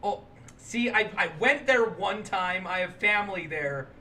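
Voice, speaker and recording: A young man co-hosting a podcast in casual chat, joking and breaking into shouts and laughter. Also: high-pitched, lively intonation, unhurried, distant mic, a little hiss or hum. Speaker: podcast co-host.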